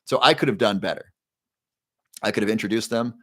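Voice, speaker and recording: A man's voice: on the low side, brisk, fairly bright tone, dry recording, clean studio sound. A man hosting a casual livestream, telling a story in a chatty way and repeating key phrases. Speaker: livestream host.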